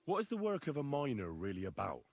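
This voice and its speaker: A man's voice: medium pitch, wildly swooping pitch, quick pace, dry recording. An actor playing a polite, inquisitive young male nobleman in a video game. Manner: polite, questioning, firm when crossed.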